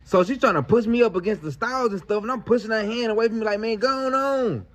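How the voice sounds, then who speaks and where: A man with a notably high voice recounting a wild true story in a loose, slangy way. He keeps it conversational and animated, piling on fillers as he goes. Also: quick pace. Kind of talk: casual storytime.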